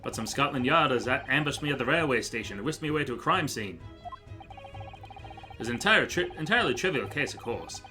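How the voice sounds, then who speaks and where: Guy doing a pompous forgetful gentleman detective, goofy fake aussie accent, loud and grand. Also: mid-range voice, expressive, quick pace, faint music behind. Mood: boastful. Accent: put-on Australian. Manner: theatrical, grandiose reading of game lines. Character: pompous male gentleman detective, absent-minded and boastful.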